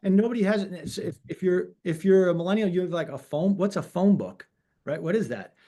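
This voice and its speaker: This is a man in his forties, a real estate broker who guests on a webinar. His voice sits high for a man. He tells his stories with energy and acts out each exchange he quotes. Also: fairly quick. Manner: animated storyteller acting out quoted dialogue. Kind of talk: webinar interview storytelling.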